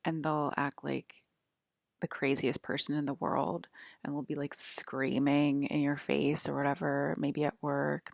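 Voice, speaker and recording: A woman with a low, gravelly voice rambles on in a personal monologue, wandering from thought to thought with plenty of "um" and "like." The sound is dry and close, with no room around it. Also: no room sound. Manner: meandering, full of "um" and "like", soft-spoken. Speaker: vlogger.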